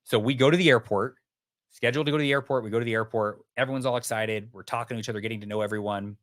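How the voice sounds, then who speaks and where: Animated male podcast guest, dry close mic. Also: medium pitch, very fast, dry recording. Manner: animated, vivid storyteller. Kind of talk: storytelling in an interview.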